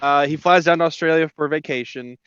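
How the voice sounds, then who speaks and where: A man's voice: on the high side, a little fast, fairly bright tone, smooth. A man co-hosting a casual podcast chat, ranting and laughing with friends. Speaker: podcast co-host. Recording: dull lo-fi dry podcast audio.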